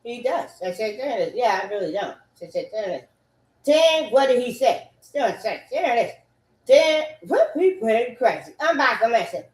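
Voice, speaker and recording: A woman ranting in a loud, profane, repetitive way, swinging between loud bursts and low mutters. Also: expressive, normal speed. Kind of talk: animated rant. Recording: echoey room.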